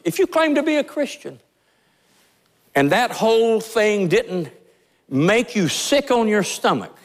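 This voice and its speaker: A pastor preaching a sermon in a church, fiery and emphatic, pressing his points with rising intensity. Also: high voice. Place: church sanctuary. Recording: long reverb of a large church hall.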